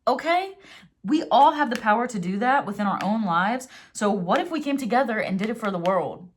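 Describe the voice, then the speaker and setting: A young woman talks through a tarot reading in a loose, casual way. She works herself up into excited, cursing rants about coming together, then softens to read affirmations from her cards in a calm, slow voice. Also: a little high, a little hiss or hum. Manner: animated, swears freely, gets worked up then reads affirmations softly. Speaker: tarot reader.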